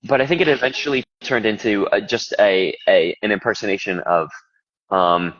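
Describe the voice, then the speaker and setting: A young man talking over a video call from a hotel kitchen, rambling and full of fillers. His low voice swings up and down with a lot of energy. The sound is dull and lo-fi. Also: lively intonation, fairly quick, fairly bright tone, a little hiss or hum. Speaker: audiobook narrator. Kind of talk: casual live chat. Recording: lo-fi livestream audio.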